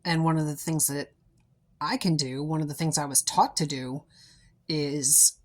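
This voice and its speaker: A woman's voice: sits low, fairly even intonation, measured pace. A young woman with a sore throat telling a story in a chatty, playful way, with lots of fillers. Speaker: vlogger. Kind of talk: casual storytelling to camera.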